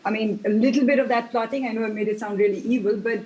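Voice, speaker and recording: A woman's voice: on the high side, fairly even intonation, fast talker, darkish tone, low-quality recording. A woman hosting a podcast, chatty and a little hesitant as she puts questions to her guests. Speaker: podcast host. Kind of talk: casual podcast interview.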